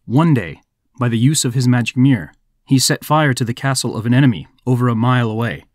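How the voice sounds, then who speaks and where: A man's voice: medium pitch, a little fast, dry recording. Man narrating a folk tale, dry close sound. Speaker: podcast host.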